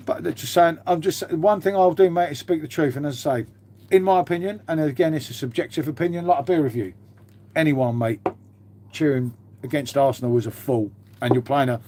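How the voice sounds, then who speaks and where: A man's voice: fairly high pitch, darkish tone. A man, host of his own livestream, chatting casually and swearing freely. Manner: blokey, swears freely, says "mate" a lot.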